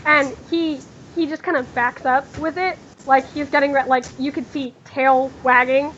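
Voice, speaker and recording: Brief: woman GM, quite high voice, halting delivery, slightly muffled lo-fi sound. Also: steady tone, a bit bright, a little hiss or hum. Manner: halting, many fillers and restarts. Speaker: game master. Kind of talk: narrating a tabletop game.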